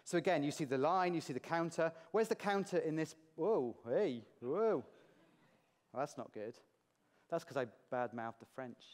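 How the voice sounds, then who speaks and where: A British man giving a lively, jokey conference talk to a large audience in a hall, asking the crowd questions as he goes. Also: a little high, normal speed. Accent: British English. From Britain. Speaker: conference speaker.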